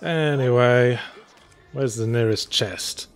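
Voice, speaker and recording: A man's voice: medium pitch, slow pace. A man co-hosting a casual let's play, explaining the game in a dry, sardonic way. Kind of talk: casual gameplay commentary.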